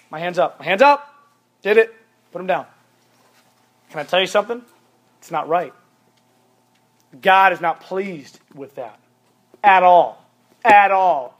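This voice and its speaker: Emphatic high-voiced male youth preacher. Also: fairly bright tone. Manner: emphatic, repeats commands for stress. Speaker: youth pastor. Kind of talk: sermon.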